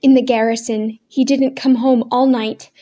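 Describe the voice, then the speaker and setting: A woman's voice: a little high, level tone, moderate pace, mellow, highs cut off, lightly acted. Breathless, frightened young woman in a storybook, raised and urgent, read by a woman narrator. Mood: frantic.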